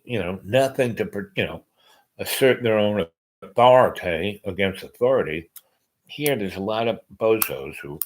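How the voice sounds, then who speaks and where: A man's voice: lowish voice, poor audio. A man hosting a podcast, talking in a meandering casual monologue with many fillers and restarts. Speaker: podcast host.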